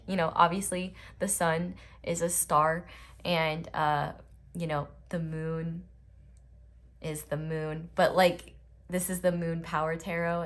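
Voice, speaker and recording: A woman's voice: on the low side, a bit bright. Chatty young woman reading tarot. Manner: chatty, rambling, lots of filler words. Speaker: tarot reader. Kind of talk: casual pick-a-card tarot reading.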